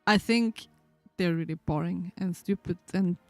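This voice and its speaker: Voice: mid-range voice, unhurried, no echo, soft background music. A stream guest chatting casually, speaking earnestly with frequent hesitations. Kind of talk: casual chat.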